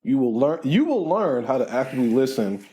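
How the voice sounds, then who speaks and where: Laid-back cop with a mellow voice. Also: male voice, mid-range voice, big pitch swings, brisk. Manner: laid-back, mostly brief agreement. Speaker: police officer, podcast co-host. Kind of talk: casual podcast chat.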